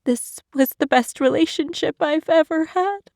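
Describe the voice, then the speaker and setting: Woman playing a heartbroken young woman, crying, shaky and halting, soft-spoken, audiobook, dry sound. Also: on the high side, no echo, pitched above the performer's own voice. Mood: tearful. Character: heartbroken young woman, tearful and self-blaming. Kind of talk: audiobook narration.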